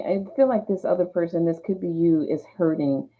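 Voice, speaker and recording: Fairly low in pitch and fairly quick, a woman reads tarot cards, first voicing their messages as if she were the card speaking, then interpreting them. The sound is thin and phone-like.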